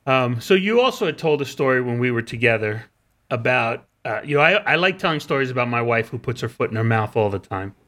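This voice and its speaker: A man's voice: medium pitch, lively intonation, a little fast, bright, forceful tone. A man co-hosting a podcast, chatting casually and laughing easily at his own stories. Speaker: podcast co-host. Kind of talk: casual chat.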